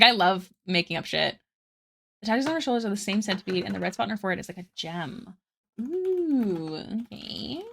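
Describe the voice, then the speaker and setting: A young woman chatting casually with her viewers while she draws, bubbly and talkative, reading chat aloud and thinking out loud. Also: medium pitch, gravelly. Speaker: art streamer. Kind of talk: casual live-stream chat while drawing.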